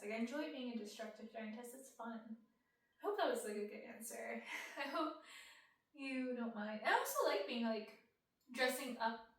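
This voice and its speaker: A woman's voice: on the high side, heavy reverb, distant mic. A young woman casually answering fan questions, bubbly and rambling, full of ums and likes. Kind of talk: casual chat, reading comments aloud.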